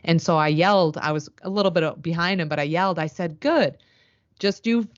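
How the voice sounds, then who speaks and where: A woman's voice: sits low, fairly even intonation, fast, dry recording, muffled recording. A woman co-hosting a podcast in casual chat, steadily explaining coaching tips. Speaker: podcast co-host.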